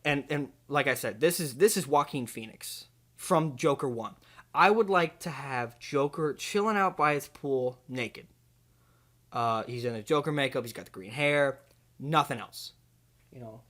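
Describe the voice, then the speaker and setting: A young man hosting a comedy video, pitching an absurd movie in a rambling, deadpan way full of fillers.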